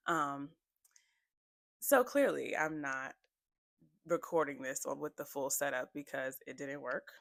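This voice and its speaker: A woman's voice: sits low, normal speed, fairly bright tone, no room sound. A young woman hosting her own podcast, chatting casually and rambling with lots of fillers and small laughs. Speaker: podcast host. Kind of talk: casual solo podcast chat.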